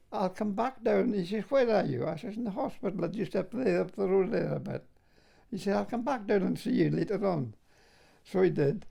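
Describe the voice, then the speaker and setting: A man's voice: high voice, creaky, mellow, husky. An older man from Scotland, a war veteran telling stories in an interview, chuckling and often adding "like, you know". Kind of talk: reminiscing in an interview.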